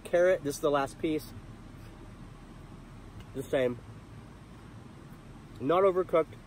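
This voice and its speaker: A man's voice: fairly high pitch, slow, slight background noise. A young man filming a casual cooking vlog in his camper van, chatting to viewers with enthusiasm. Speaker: van life vlogger.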